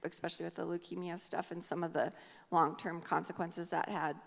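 Gravelly woman giving testimony in a hall. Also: lowish voice, level tone. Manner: earnest, halting. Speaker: guest speaker. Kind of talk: personal testimony. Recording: long reverb of a hall.

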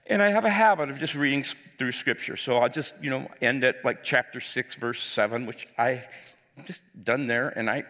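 Guy pastor telling his own story in a sermon, earnest, normal pitch, big echoey church hall. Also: pushed and bright. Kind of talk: sermon testimony. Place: church auditorium. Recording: long hall reverb.

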